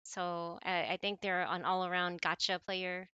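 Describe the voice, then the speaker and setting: A woman's voice: lowish voice, level tone, measured pace, pushed and bright, smooth, dry recording, highs cut off. An American woman streaming games, chatting casually with viewers and rambling with frequent restarts and self-corrections. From United States. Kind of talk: casual gaming stream chat.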